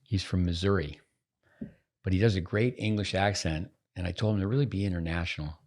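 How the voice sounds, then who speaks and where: A man's voice: deep voice, fairly even intonation, brisk, a little mellow. An older man hosting a podcast, chatting in a teasing, rambling way with lots of restarts. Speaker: podcast host. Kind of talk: casual podcast chat. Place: at a table in a studio.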